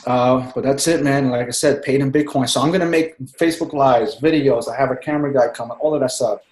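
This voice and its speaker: A man talking in casual chat on a group call, excited and rambling, who keeps saying "man.". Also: medium pitch, fast, echoey room, poor audio. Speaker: team member speaking on a group call.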